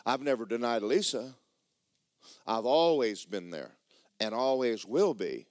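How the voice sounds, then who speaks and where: A pastor, preaching a sermon and telling a personal story with emotion, often repeating himself and speaking straight to the congregation. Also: male voice, mid-range voice, expressive, measured pace, dry recording, clean studio sound.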